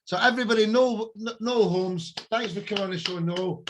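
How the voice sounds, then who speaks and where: A man's voice: high voice, a little fast, a little hiss or hum. A man hosting a music podcast, chatty and effusive as he introduces guests. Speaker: podcast host. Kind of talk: casual podcast chat.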